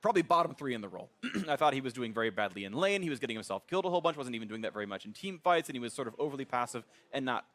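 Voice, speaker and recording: A man casting a live esports match, energetic and joking as he introduces the teams. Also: mid-range voice, very fast. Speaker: esports caster.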